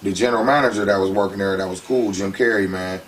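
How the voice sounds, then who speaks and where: A man with a lowish voice tells his story in a casual interview, animated and full of slang. He sits back from the microphone. A faint hum of background noise runs underneath. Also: quick pace, recorded from a distance. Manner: animated, slangy, heats up when retelling conflicts.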